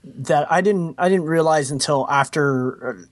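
A man co-hosts a film podcast in casual chat. He talks haltingly and restarts his sentences often. His voice sits slightly high, and the sound is dry and close. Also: dry recording.

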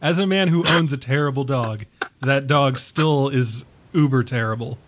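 A man co-hosting a casual film discussion in a steady, drily opinionated way. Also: medium pitch, moderate pace. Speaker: podcast co-host.

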